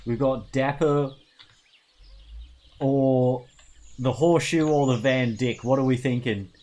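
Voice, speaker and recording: A man's voice: medium pitch, takes it slowly, mellow. A young Australian man commenting casually on a video game, with loose, profane banter. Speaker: gaming streamer. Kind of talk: let's play commentary.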